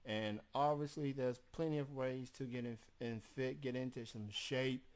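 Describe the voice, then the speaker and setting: A Southern man hosting an interview, with a smooth, resonant voice at a middle pitch. He talks in a hesitant way and often stops to restart his sentences. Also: fairly even intonation, moderate pace, darkish tone. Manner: hesitant, many fillers and restarts. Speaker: interview host. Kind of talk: casual interview.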